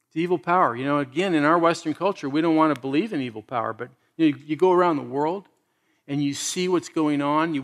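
A man's voice: fairly high pitch, fairly bright tone. A man preaching a sermon in a conversational way, asking the listeners questions and laughing often. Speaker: pastor.

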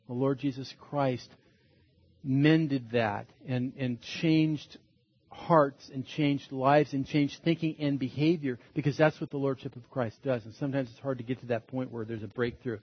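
A man's voice: medium pitch, steady tone, normal speed, slightly rough, no echo, muffled recording. A man preaching a sermon as a pastor, earnest and emphatic, repeating his points.

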